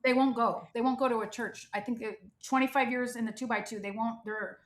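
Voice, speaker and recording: A middle-aged woman from the United States telling her life story as a guest in an interview, animated and emphatic, acting out what people said. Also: on the high side, a little fast. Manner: animated, emphatic, frequent "like" and quoted dialogue.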